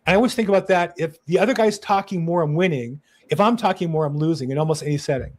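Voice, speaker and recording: A man's voice: a little high, fast. A man hosting a conversational interview, chatty and affirming, who laughs easily and tells stories. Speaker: interview host.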